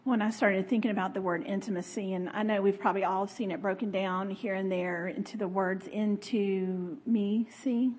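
A middle-aged woman giving a conversational sermon, expressive, laughing often and talking with the audience. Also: medium pitch, brisk, few pauses, husky. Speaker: speaker.

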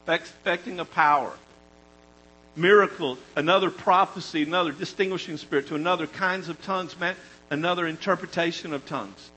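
Man, sermon, high voice, bright tone, animated preaching, swings loud and quiet. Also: a little fast, slight background noise, poor audio. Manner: animated and conversational, swinging between loud emphasis and quiet storytelling.

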